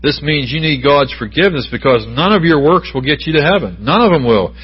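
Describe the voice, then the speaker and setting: A man's voice: fairly high pitch, sing-song, fairly quick, hardly any pauses, husky. A middle-aged man preaching a sermon in a church sanctuary, talking conversationally and putting questions to the congregation. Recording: dull lo-fi church recording.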